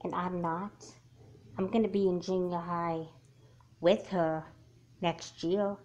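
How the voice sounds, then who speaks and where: A woman's voice: on the low side, fairly even intonation, slow pace, a little mellow, lo-fi sound, a little hiss or hum. A woman voicing a young elementary school girl who feels left out, in a homemade doll movie. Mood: pleading. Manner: whiny, upset pleading.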